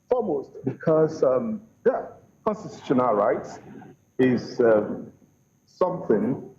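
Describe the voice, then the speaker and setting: A man, a legal practitioner speaking by phone from his office in a live interview, emphatic and measured with some hesitations. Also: mid-range voice, mellow. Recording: roomy lo-fi phone line with noise.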